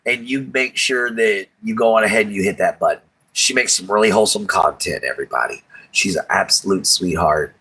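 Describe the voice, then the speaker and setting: A man's voice: lowish voice, bright, forceful tone, breathy edge. A man hosting a casual live stream, chatty and affectionate with many fillers.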